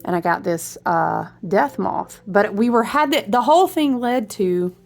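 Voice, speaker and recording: A tarot reader talks a little slowly in a casual spiritual vlog, her voice excitable with a gravelly edge. Animated and chatty, she hops between topics with frequent high exclamations, treating viewers as friends in a slangy, warm-hearted way.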